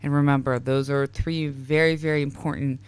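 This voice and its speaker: A woman's voice: very deep voice, fairly even intonation, moderate pace, a little mellow, smooth, dry recording. A tired woman in her thirties hosting a podcast, rambling casually and laughing at herself. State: tired, yawning. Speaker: podcast host. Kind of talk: casual spiritual monologue.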